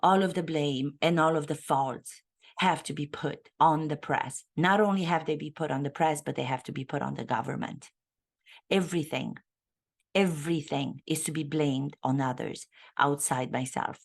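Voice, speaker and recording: A woman's voice: moderate pace, gravelly. A woman doing a pompous self-pitying prince. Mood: self-righteous. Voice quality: lowered voice, pompous and self-righteous. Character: self-pitying royal prince, man, blaming everyone else.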